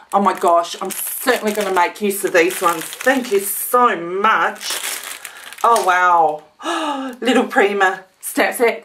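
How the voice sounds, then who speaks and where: A woman chatting casually to camera while unboxing a gift parcel, gushing and gasping with excitement. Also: medium pitch, background noise. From Australia. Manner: gushing, gasping, many exclamations. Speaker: vlogger.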